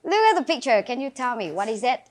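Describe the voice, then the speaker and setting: High-voiced Vietnamese woman teaching English. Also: very animated, fast. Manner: clear, encouraging teacher calling on students. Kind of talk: classroom grammar lesson. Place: classroom.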